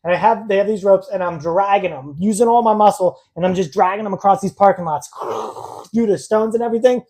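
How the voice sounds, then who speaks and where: A woman's voice: medium pitch, fairly quick, dark tone. A young adult woman co-hosting a casual podcast, a blunt, rambling storyteller who laughs at herself. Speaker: podcast co-host. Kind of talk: casual podcast chat, live-streamed.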